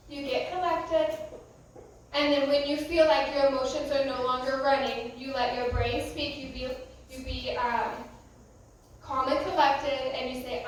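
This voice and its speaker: A woman's voice: high-pitched, a little hiss or hum. A young American woman, a youth pastor, giving a casual, conversational talk with many fillers. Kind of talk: youth sermon. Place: church youth room. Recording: echoey room, from a distance.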